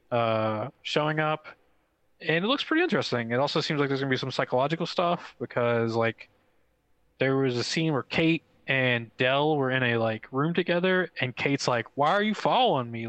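A young man talks games on a podcast, voice close and dry against the mic. He rushes through excited stories full of "like" and the odd swear, his pitch sitting in a middle range. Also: no room sound, rough recording. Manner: excitable, fast storytelling with swearing and many fillers. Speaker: podcast co-host. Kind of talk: casual gaming chat.

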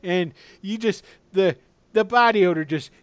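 A man narrating as game master and voicing the townsfolk, laughing often and dropping into low asides. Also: normal speed, clear, resonant tone, dry recording. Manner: laughs often, drops to a mumble when describing.

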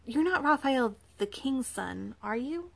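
A woman's voice: sits high, animated, a little slow, gravelly, pitched above the performer's own voice, exaggerated voice. A woman voicing a frightened, ashamed young woman in a storybook reading, pleading and wary.

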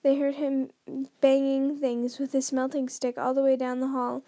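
Woman host reading aloud, high and soft-toned, dry close sound, frequent stumbles and restarts. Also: level tone, moderate pace, dry recording. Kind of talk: unrehearsed read-aloud narration.

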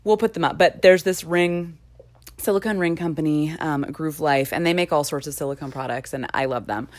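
A woman's voice: sits low, fairly quick, a little mellow. A young woman hosting a podcast in casual chat, talkative and prone to tangents, laughing often. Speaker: podcast host.

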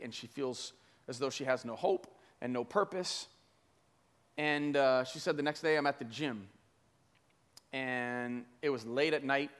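A man preaching as a pastor, telling a story conversationally with many fillers. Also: mid-range voice. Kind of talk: sermon storytelling. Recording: long hall reverb.

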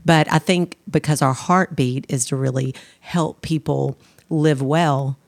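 A woman with a low voice hosts a faith podcast, speaking earnestly about God and living well. Her voice is close and dry, with no room sound. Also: steady tone, measured pace, no echo. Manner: earnest, warm about faith, talks of the Holy Spirit. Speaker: podcast co-host. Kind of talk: casual faith podcast chat.

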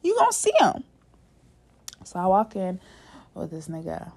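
A woman's voice: lowish voice, wildly swooping pitch, unhurried, warm tone, slightly rough. A young woman hosting a podcast, telling a dating story to her listeners in a blunt, profane, dramatic way, sometimes dropping to a near-whisper for asides.

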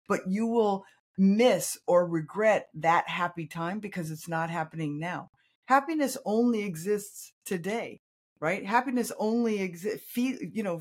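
Earnest coach explaining in easy talk. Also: medium pitch. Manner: earnest, explanatory, quotes clients, tags lines with "right?". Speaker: life coach, podcast guest. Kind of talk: conversational interview.

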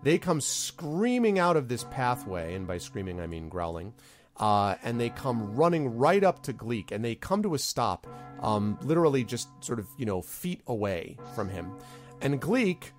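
A man's voice: on the low side, expressive, moderate pace, faint music behind. A man narrating a tabletop game as game master, rambling with many fillers.

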